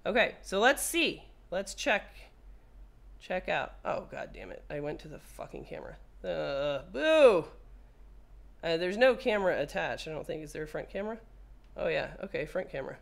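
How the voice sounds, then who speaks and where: A woman's voice: sits low, lively intonation, moderate pace, gravelly, a bit bright. Playful woman doing a repair demo. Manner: playful, talks to the phone, swears when frustrated. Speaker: repair technician. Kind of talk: casual hands-on demo.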